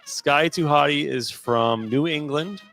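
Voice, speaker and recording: A man's voice: on the high side, unhurried, gravelly, fairly bright tone, faint music behind. A man co-hosting a sports podcast, chatting loosely and laughing often. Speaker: podcast co-host. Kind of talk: casual sports chat.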